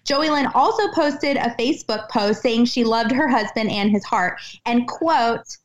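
Brief: excitable Texan woman in her thirties, slightly high voice, chatty guest. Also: a little slow, lo-fi sound. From Texas. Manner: excitable, animated, many "like" fillers. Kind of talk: casual podcast chat.

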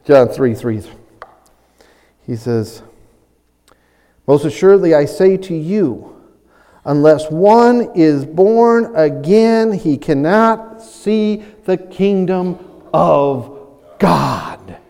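A man preaching a sermon as pastor, animated and acting out the voices of people he quotes, chuckling often. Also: fairly high pitch, extremely slow, pauses often, big-room sound.

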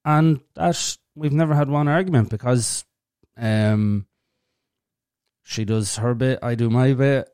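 A man talks through his views on a solo podcast in a blunt, plain-spoken way, swearing without a second thought. His voice sits at an ordinary pitch for a man. The sound is dry and close, with no room echo. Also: slow, darkish tone, clean tone. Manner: blunt, frank, swears freely; thinks aloud with fillers and restarts. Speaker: podcast host. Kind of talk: casual solo podcast talk.

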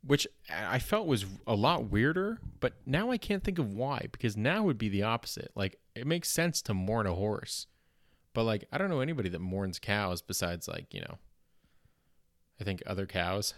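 A young Canadian man with a Canadian accent talks on his comedy podcast in a low voice. He rambles loosely, full of fillers and self-deprecating asides. The recording is dry and close, with no room sound. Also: very animated, normal speed, dry recording. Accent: Canadian English. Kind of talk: casual rambling comedy monologue.

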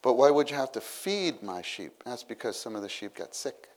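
A man preaching a sermon, retelling a story with lively acted-out exclamations and asides to the listeners. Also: mid-range voice, moderate pace, a little hiss or hum. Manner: animated storytelling, acts out scenes with exclamations.

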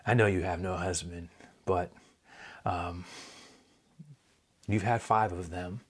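A calm, knowing Jesus speaks low and quiet, drawing out words with tenderness, as a man preaching puts him on. The voice is deep and hushed, slipping into near-whispers in a sermon retelling. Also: breathy edge, full character voice. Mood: tender. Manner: soft, hushed, slow and tender.

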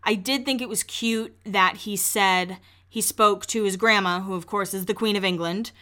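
Bright-voiced chatty young woman host. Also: medium pitch, fairly even intonation, normal speed. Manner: chatty, candid, laughs often, lots of "like" fillers. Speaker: podcast host. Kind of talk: casual celebrity-news chat.

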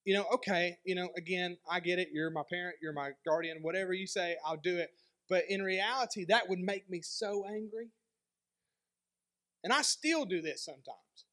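Guy pastor w a pretty high voice, chatty sermon storytelling style. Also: normal speed. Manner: conversational storytelling with lively dynamic swings.

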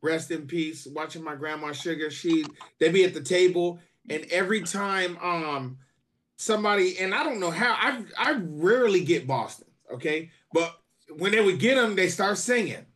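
Man, podcast co-host, high voice, fond family stories, laughing, sings snippets. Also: moderate pace, fairly bright tone. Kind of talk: casual storytelling chat.

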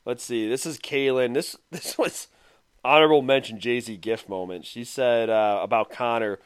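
Amused man with a smooth, dry voice. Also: mid-range voice, normal speed, no echo. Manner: laughing, amused, reading quotes. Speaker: podcast co-host. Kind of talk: casual chat.

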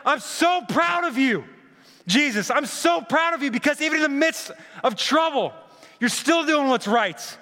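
A man's voice: extremely high pitch, very animated, a little fast, sharp tone, pitched above the performer's own voice, full character voice. A man voicing God as a proud, beaming father. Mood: proud, exuberant. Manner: exuberant and emphatic. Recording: reverberant hall.

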